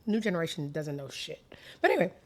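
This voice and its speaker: A woman hosts her own show with a crude, sassy comedic monologue, very animated and fast, swinging from low mutters to loud outbursts.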